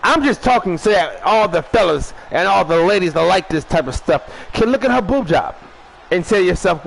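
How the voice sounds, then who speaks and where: Loud gravelly man ranting. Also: high voice, very animated, moderate pace, rough recording. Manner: shouting, rambling, stutters at times; eating while talking. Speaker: wrestling show host. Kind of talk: loud profane comedic monologue.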